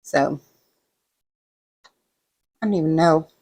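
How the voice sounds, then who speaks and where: Speaking low and slowly, a woman vlogger does diamond painting at home and chats away casually. She rambles from story to story, lively as she quotes and imitates what others told her.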